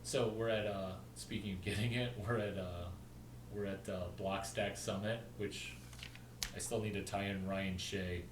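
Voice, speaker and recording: A man's voice: lowish voice, fairly even intonation, unhurried, reverberant, distant mic, noisy background. Rambling man talking away from the mic. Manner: rambling, jumps between topics, spells out names. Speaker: video host. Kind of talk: rambling casual storytelling.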